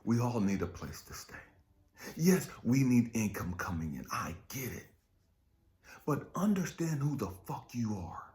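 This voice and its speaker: A man preaching an impassioned spiritual pep talk as a life coach, profane and confrontational, firing rhetorical questions and dropping from shouted rants to low muttering. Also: big pitch swings, a little slow. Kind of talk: impassioned motivational preaching monologue.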